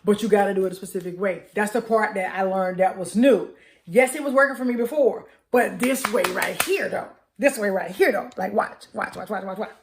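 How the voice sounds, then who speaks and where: A middle-aged woman, a mindset strategist, giving an emphatic, hyper motivational talk and repeating affirmations with rising excitement. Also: medium pitch, a little fast. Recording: echoey room.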